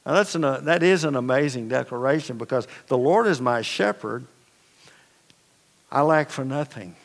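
A man's voice: mid-range voice, expressive, normal speed, creaky. A man preaching a sermon as pastor, telling stories in a conversational, folksy way with casual asides. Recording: long reverb of a large hall.

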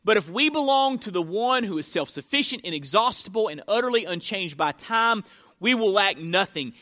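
High, bright-voiced man preaching. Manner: earnest preaching with repeated phrases and restarts. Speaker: pastor. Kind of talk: sermon.

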